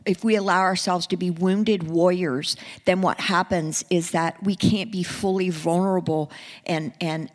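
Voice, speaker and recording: A woman preaching a sermon, earnest, moving from hushed and soft passages to rising, emphatic ones. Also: lowish voice, big-room sound.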